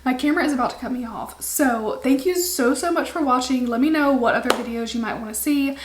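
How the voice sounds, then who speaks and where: A woman's voice: high-pitched, brisk, echoey room, noisy background. A young woman, a beauty vlogger, chatting casually to camera in a rambling way with lots of ums, her voice starting to wear out.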